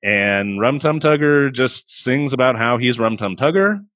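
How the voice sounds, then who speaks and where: A man co-hosting a casual comedic film review, ranting with profanity and sudden high-pitched outbursts of exasperation. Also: expressive, measured pace, fairly bright tone, dry recording. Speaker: podcast co-host.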